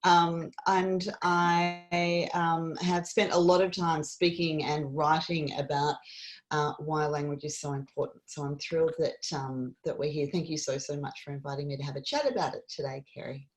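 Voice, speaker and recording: A woman's voice: low voice, little pitch movement, normal speed, rough recording. A woman, a guest on a video call, enthusiastic, still in her morning voice. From Australia. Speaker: guest advocate. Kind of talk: casual video chat.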